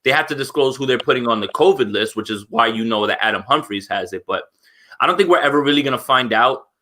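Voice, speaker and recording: A man's voice: mid-range voice, lively intonation, quick pace, bright, forceful tone. A man co-hosting a sports podcast, giving earnest opinions in a casual, thinking-aloud way. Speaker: podcast co-host. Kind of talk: casual chat.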